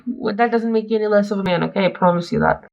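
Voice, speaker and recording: A woman's voice: medium pitch, fast, vocal fry, darkish tone, lo-fi sound. A young woman reading an online post aloud and reacting to it in a chatty, giggly way, often breaking off to comment. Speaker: story reader and commentator.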